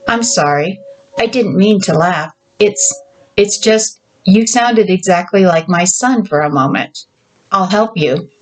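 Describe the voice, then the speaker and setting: Woman reading as a feisty mail carrier, brisk, matter-of-fact, practical, mid pitch, storybook reading. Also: natural voice, low-quality recording. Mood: teasing, practical.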